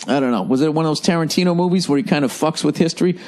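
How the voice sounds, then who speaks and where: A man's voice: a little high, rapid-fire, darkish tone. Sarcastic, profane middle-aged man with Boston accent. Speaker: podcast host. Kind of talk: solo comedic podcast rant.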